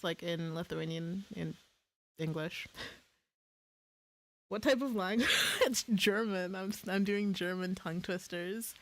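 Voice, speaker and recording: A woman streaming live in casual chat, playful, laughing often and swearing freely. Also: medium pitch.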